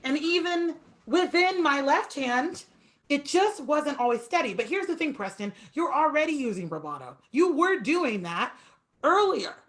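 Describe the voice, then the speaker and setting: A woman piano teacher giving a masterclass, talking fast and stretching words for emphasis. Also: high voice, expressive, fairly bright tone.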